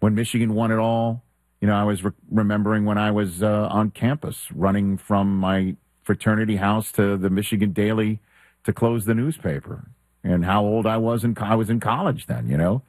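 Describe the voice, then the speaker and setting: Low-voiced sports radio host in his fifties. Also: steady tone, normal speed, darkish tone, no room sound. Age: 50s.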